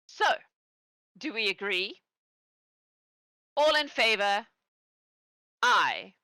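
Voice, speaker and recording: A woman voicing Titania, a regal fey queen of summer who speaks in a measured, formal and cutting way. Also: mid-range voice, very animated, sharp tone, smooth, no room sound, heavily acted. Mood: commanding.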